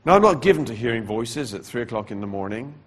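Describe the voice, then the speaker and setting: A man giving a dramatic personal testimony as a preacher, slow and deliberate with pauses, and coughing now and then. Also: mid-range voice, big pitch swings. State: coughing repeatedly.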